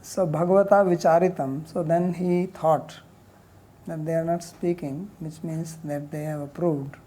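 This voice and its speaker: A woman teaching a lecture on a Sanskrit commentary, reading verses quickly and then explaining them in plain, conversational English. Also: sits low, steady tone, dark tone. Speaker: teacher of scripture.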